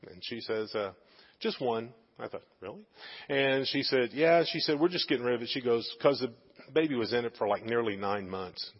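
A man tells a personal story from the pulpit, chatty and full of fillers as he acts out the dialogue. His voice is a little husky. The sound is muffled and rings with a long church-hall echo. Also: mid-range voice, moderate pace. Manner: animated anecdotal, many fillers. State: tearful. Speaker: preacher sharing a testimony. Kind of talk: sermon storytelling. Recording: dull sound in a reverberant hall.

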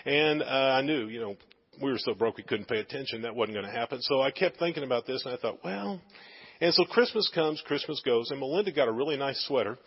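A man's voice: medium pitch, fast talker, breathy edge. A man preaching, telling a personal story with lots of fillers and quoted dialogue, at times tearful. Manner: animated anecdotal, many fillers. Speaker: preacher sharing a testimony. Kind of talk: sermon storytelling. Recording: dull sound in a reverberant hall.

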